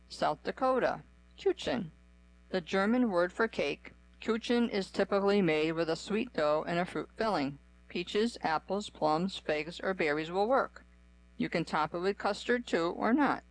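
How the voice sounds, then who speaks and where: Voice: medium pitch, rough recording. A narrator giving a scripted, evenly read-aloud run through a list.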